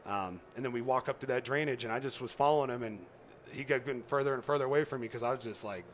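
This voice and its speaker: A man's voice: mid-range voice, quick pace, slight background noise. A man casually telling a long story as a podcast guest, rambling with lots of "you know" and "right?", and acting out what others said. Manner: animated, acts out quoted dialogue.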